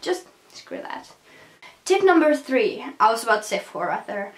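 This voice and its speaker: A woman's voice: on the high side, sing-song, normal speed. A young woman with a non-native accent, chatting in a casual vlog, hyper, giggly and rambling. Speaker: vlogger. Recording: echoey room.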